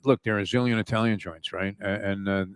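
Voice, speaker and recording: A man's voice: on the low side, steady tone, quick pace, slight background noise. A man co-hosting a casual outdoor chat at the beach, joking and often restarting his sentences. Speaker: co-host. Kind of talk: casual banter.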